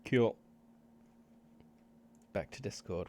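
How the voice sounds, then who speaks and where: A man's voice: low-pitched, fairly even intonation, normal speed. A man narrating a tabletop game as game master in a casual, offhand way.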